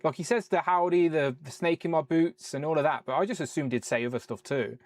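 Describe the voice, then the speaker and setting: A man hosting a casual live-stream chat, chatty and encouraging, quick with a joke. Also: on the high side, a little mellow. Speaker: host.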